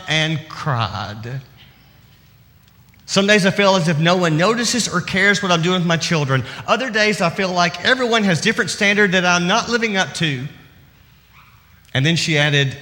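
A man preaching a sermon, reading scripture and stories with expressive, emphatic delivery and dramatic pauses. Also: sits high. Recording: long hall reverb.

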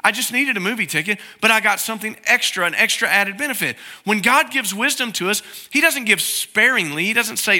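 Man, middle-aged, preaching, casual sermon delivery, high pitch, very bright tone. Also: very animated, brisk. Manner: conversational preaching, acts out quoted prayers in a soft low voice. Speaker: pastor.

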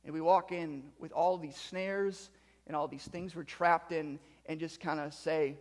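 Male pastor, high voice, quiet reflection rising to loud, emphatic preaching, long hall reverb. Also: fairly even intonation, measured pace. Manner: interacts with the congregation. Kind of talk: sermon.

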